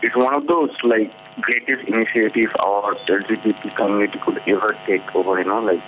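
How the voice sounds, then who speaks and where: A man's voice: lowish voice, steady tone, a little fast, a bit bright. Joking male caller, full of "like". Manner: teasing, laughs a lot, fills with "like". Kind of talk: casual phone-in chat. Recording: dull lo-fi radio recording with faint hum.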